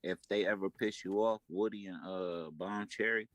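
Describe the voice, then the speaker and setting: Deep-voiced man, playful and teasing, dry sound; casual panelist. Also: normal speed, no room sound.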